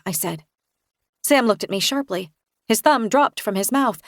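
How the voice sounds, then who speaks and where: A woman reading a first-person thriller aloud in an expressive, tense storytelling manner. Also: medium pitch, moderate pace, no echo, studio quality. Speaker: audiobook narrator. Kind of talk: first-person novel narration.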